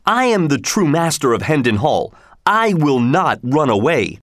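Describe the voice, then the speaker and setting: A man's voice: fairly low pitch, a little slow, no echo, studio quality, lightly acted. A man reading the lines of an earnest returning soldier, raising his voice with emphasis. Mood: indignant. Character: Miles Hendon, loyal soldier returning home, earnest.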